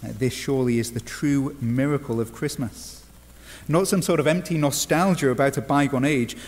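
A man's voice: mid-range voice, a little mellow, long reverb tail, a little hiss or hum. A man from England with an English accent, preaching an earnest sermon with wry asides and frequent "uh" fillers. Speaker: pastor.

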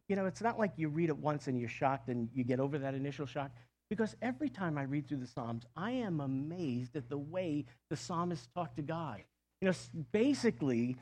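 Husky guy preaching a bible talk, chatty and animated, keeps restarting his sentences. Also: fairly high pitch. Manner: conversational and animated, often restarting phrases. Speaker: pastor. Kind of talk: sermon.

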